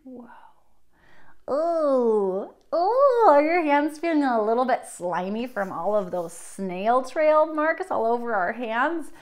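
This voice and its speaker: A young woman with a high voice leads a children's music class, drawing out her words slowly. She talks in a sing-song, animated way, gasping with delight and coaxing the kids along between short songs. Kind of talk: kids' music lesson with songs.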